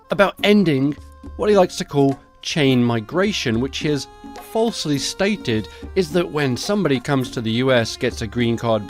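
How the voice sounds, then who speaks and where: A man hosting a solo podcast, commenting on the news in a sarcastic, profane, conversational way. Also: fairly high pitch. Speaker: podcast host.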